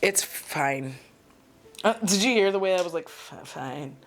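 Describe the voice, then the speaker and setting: A woman's voice: medium pitch, animated, normal speed. Chatty, candid woman vlogger rambling. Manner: self-deprecating, candid. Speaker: beauty vlogger. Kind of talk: casual get-ready-with-me chat.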